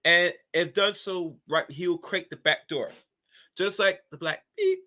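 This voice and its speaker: A man talks through his opinions in a loose, preachy ramble, leaning on fillers as he goes. His voice is sharply bright with a slightly raised pitch, and he comes across as pointed and talky. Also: measured pace. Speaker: commentary channel host. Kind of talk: casual opinion commentary.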